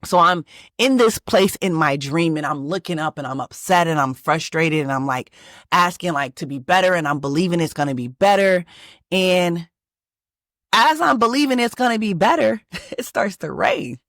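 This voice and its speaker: A woman from Texas, hosting her own channel and telling a personal story in a lively, emphatic way with many restarts. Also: on the low side, moderate pace, dry recording, clean studio sound. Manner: animated, emphatic, lots of restarts and fillers. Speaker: manifestation channel host.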